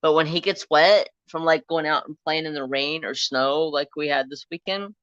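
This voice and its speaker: Bright-voiced man telling a rambling story. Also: fairly high pitch, moderate pace, clear, resonant tone, dry recording. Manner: rambling, animated, swears freely. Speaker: craft stream host. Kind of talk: casual storytelling chat. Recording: slightly dull, lo-fi sound.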